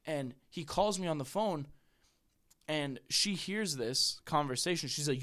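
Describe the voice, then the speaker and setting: A young man, a podcast guest, telling a rambling story in casual chat, full of "like" and "bro" and quick laughs. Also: fairly high pitch, expressive, a bit bright.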